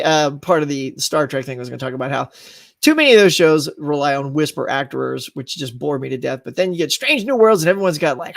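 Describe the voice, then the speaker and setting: Rambling high-voiced man, gravelly edge. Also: dry recording, clean studio sound. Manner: rambling, animated, laughs between thoughts. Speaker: live show host. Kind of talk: casual live-stream chat.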